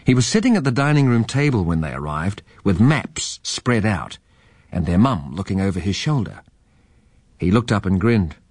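A man reading a children's story aloud in a lively, expressive way. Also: fairly low pitch, moderate pace, breathy edge, no room sound, studio quality.

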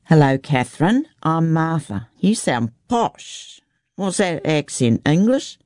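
A woman voicing a rough-edged, blunt middle-aged countrywoman who calls herself a healer, talking in a brusque, folksy way. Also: low-pitched, sing-song, slow, darkish tone, no room sound, studio quality, exaggerated voice. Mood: brisk.

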